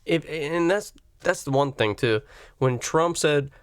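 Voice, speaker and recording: Brief: man, fairly high and smooth voice, rambling cussing vlog rant. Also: measured pace, dry recording, clean studio sound. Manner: swearing, rambling, pitch jumping up when worked up. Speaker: vlogger. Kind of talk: profane comedic rant.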